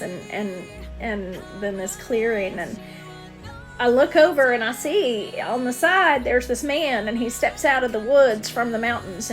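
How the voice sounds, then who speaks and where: Earnest woman sharing a testimony, high voice. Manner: earnest, vivid storytelling. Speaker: singer-songwriter. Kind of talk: personal testimony.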